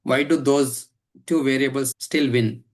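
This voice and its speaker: A man's voice: medium pitch, steady tone, a little slow. A man hosting a podcast, asking brief polite interview questions. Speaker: podcast host.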